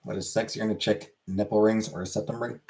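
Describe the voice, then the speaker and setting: A man hosting a livestream, chatting casually and reading out chat messages in a laid-back, halting way that repeats itself. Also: fairly low pitch, flat delivery, vocal fry, darkish tone. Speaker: livestream host. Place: small room lit by many studio lights.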